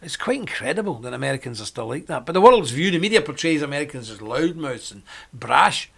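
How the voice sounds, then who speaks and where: Chatty man, fairly high voice. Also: big pitch swings, brisk, gravelly, husky. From Britain. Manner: rambling, chatty, frequent laughs. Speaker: host. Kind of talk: live-stream monologue.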